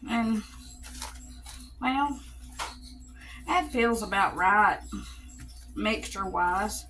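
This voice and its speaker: A woman's voice: mid-range voice, animated, very slow, fairly bright tone, faint music behind, rough recording. A woman with an Alabama accent, chatting casually through a cook-along in her home kitchen and explaining each step to her viewers. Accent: Southern US, Alabama. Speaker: home cooking vlogger.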